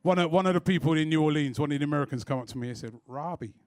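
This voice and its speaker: A man's voice: a little high, very fast. A man hosting a live show, telling stories energetically and throwing in "right?". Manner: energetic, storytelling, rhetorical "right?". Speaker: host.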